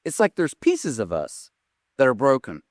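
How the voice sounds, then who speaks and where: A man's voice: mid-range voice, wildly swooping pitch, normal speed, no room sound, studio quality. A man preaching a sermon, telling a story with lots of rhetorical questions. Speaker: pastor.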